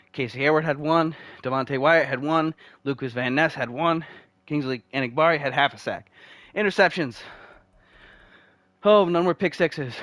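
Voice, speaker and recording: A man's voice: a little high, a bit bright, dry recording. A young man in casual gameplay commentary, rambling and self-deprecating while reading off game stats. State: uncomfortable, needs the bathroom. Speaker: video game franchise mode host.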